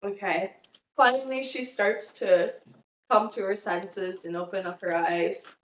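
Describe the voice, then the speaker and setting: A woman's voice: mid-range voice, steady tone, a little slow. A woman running a tabletop game as game master, narrating in a giggly, hesitant way. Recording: echoey room, distant mic.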